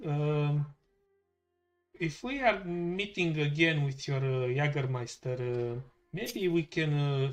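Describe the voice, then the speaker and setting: A man playing a tabletop game, eager and polite as his character. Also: on the high side. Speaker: player.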